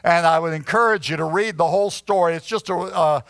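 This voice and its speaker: A pastor preaching an evening sermon in church, often clearing his throat and restarting his sentences. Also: a little high, brisk, a bit bright, no room sound.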